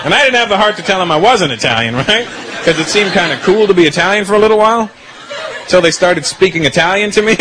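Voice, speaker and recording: A young man with a high, fast voice performs a stand-up set, animatedly telling stories and shifting into character voices. It's a live show at a comedy venue, with loud laughter and noise from the audience.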